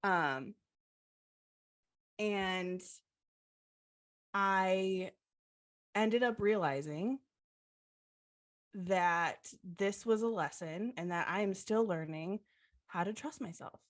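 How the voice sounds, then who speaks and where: A young woman co-hosts a podcast and shares a personal story. Her voice sits at an ordinary middle pitch. She sounds heartfelt and keeps dropping "like" between her phrases. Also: very slow, long pauses. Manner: heartfelt, filler-heavy retelling with "like". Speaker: podcast co-host.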